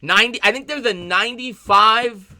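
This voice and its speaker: Loud, passionate New man. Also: high-pitched, dry recording. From New York. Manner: loud, passionate, fast-talking. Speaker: livestream sports host. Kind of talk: live play-by-play and chat reaction.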